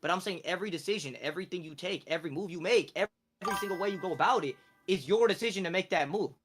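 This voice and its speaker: Fast-talking preachy male streamer. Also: high-pitched, music in the background. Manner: emphatic, preachy, swings between loud and quiet. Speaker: live streamer. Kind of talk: casual stream chat, giving life advice.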